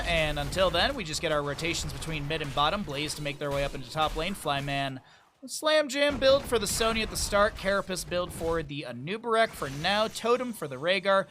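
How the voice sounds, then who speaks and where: A man with a high, bright and forceful voice calls a video game match play by play. He talks in a chatty way and drops in joking asides between calls. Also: a little hiss or hum. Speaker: esports caster.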